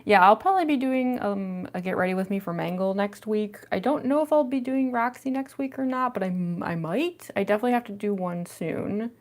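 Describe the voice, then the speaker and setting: A woman's voice: mid-range voice, fairly quick, hardly any pauses, a little mellow. A young woman chatting casually on a cosplay livestream from home, giggling often and answering chat, on a phone with a plug-in mic. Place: home room.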